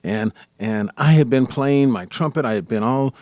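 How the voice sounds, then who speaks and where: A middle-aged man hosting a podcast, telling stories from his life in a casual, conversational way and lively when quoting others. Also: medium pitch, moderate pace, dry recording. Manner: storytelling, animated when quoting his mother. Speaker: podcast host.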